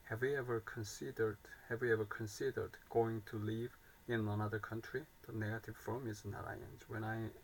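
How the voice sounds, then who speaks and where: A man with a low, gravelly voice reads grammar examples aloud in a flat, even tone. He halts, repeats and corrects himself as he goes. Faint noise hums behind him. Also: fairly quick, poor audio. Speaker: learner reading grammar aloud.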